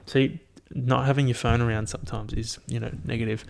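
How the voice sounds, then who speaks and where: Brief: podcast host, mid-pitched, chatty and rambling, swears a lot. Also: male voice, little pitch movement, fairly quick, creaky, a little mellow. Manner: rambling, heavy swearing, amused. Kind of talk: casual solo monologue. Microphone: headphones and podcast mic.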